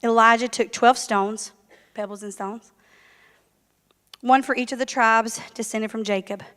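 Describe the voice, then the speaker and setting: Woman preacher, a bit high, lively storyteller with asides, long church reverb. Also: clean tone. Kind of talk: sermon. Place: church sanctuary.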